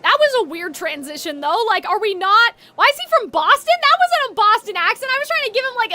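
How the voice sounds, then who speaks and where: A young woman streamer giving playful, excitable commentary while playing a game. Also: extremely high pitch, fairly quick, few pauses, soft background music.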